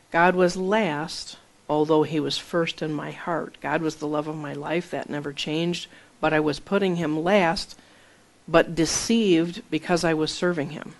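Woman preaching a personal sermon. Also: deep voice. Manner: earnest, personal storytelling. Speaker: pastor.

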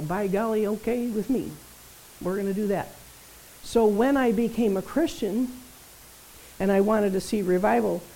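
Mellow-voiced woman preaching conversationally. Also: medium pitch, slight background noise, poor audio. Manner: conversational, animated, tag questions. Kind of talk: sermon.

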